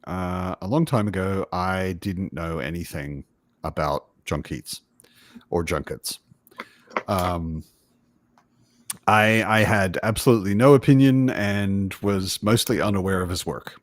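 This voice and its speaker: A man with a lowish voice hosts a relaxed book chat on a livestream. He rambles and corrects himself in an easy way. The sound is dry and close, as on a video call. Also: measured pace, no room sound. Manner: rambling, self-correcting, chatty. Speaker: livestream host. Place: home in Berlin.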